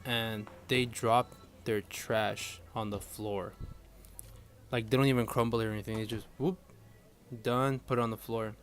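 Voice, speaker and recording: A man's voice: lowish voice, fairly even intonation, measured pace. A young man ranting casually to his viewers, rambling and swearing often in frustration. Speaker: vlogger. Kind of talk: casual profane rant.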